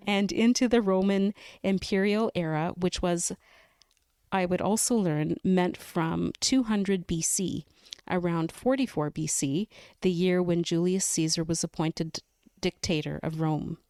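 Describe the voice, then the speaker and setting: A woman guest on a podcast, reading chapters of a novel aloud in a careful, measured way. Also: on the low side, a little mellow, clear, resonant tone, no echo, studio quality.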